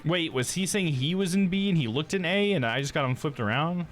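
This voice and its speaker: A man's voice: on the high side, animated, fairly quick, faint music behind. A male streamer chatting casually while he plays a game, laughing often and calling people "dude".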